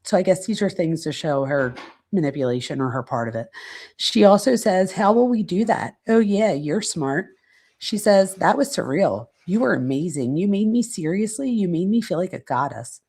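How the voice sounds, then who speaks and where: A woman hosting a true crime channel, casually reading out quotes and commenting, pausing now and then to search her notes. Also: fairly low pitch, animated, darkish tone, breathy edge.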